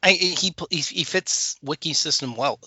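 A man's voice: a little high, pushed and bright, slightly rough, no echo. A man co-hosting a soccer podcast who rates players in casual chat and often stammers into his sentences. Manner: quick stammering restarts. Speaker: soccer podcast co-host giving player ratings. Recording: dry, dull lo-fi audio.

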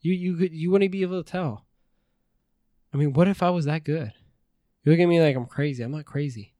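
A man's voice: on the high side, fairly quick, mellow, no room sound. A man co-hosting a casual podcast chat, rambling and teasing with plenty of swearing. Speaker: podcast co-host.

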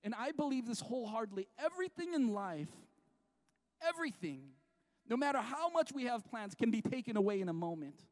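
Middle-aged male pastor with a high voice, giving an animated, joking sermon in church. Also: a little fast. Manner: lively, jokey preaching with restarts and acted-out quotes. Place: church sanctuary.

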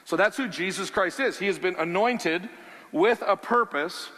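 Male pastor, sermon delivery, lively and conversational, bright forceful tone, hall reverb. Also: high voice, normal speed. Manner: animated, conversational preaching with rhetorical questions.

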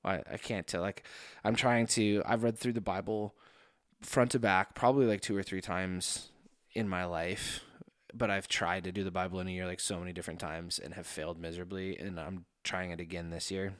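A man's voice: sits low, fairly even intonation, a little fast, fairly bright tone, clean tone, no room sound, studio quality. A man who is a pastor, talking about his faith in an earnest, reflective, casual way. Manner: reflective, earnest, thinking aloud.

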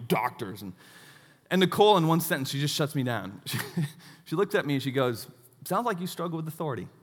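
A man in his thirties preaching a sermon, telling stories with self-mocking asides and a lively delivery. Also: mid-range voice, long reverb tail. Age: 30s. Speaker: pastor.

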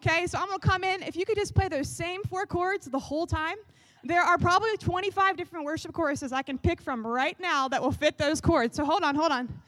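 High-voiced sarcastic woman worship leader. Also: brisk, no echo. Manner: animated and sarcastic, bursts into shouts and sung snippets. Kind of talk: comedic sketch on worship styles.

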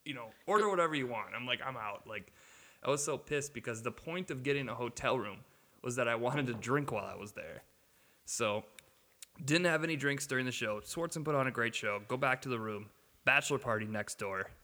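Man, animated storyteller, bright tone, echoey room. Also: mid-range voice, brisk. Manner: animated storyteller who acts out quotes, swears. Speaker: podcast co-host. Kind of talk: casual chat, storytelling.

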